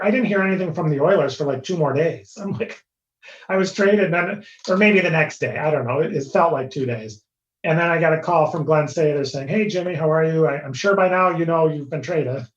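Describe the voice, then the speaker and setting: A man in his fifties, a former pro hockey player, retelling a story in an interview, full of fillers and quoted dialogue. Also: high-pitched. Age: 50s. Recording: roomy, slightly dull sound.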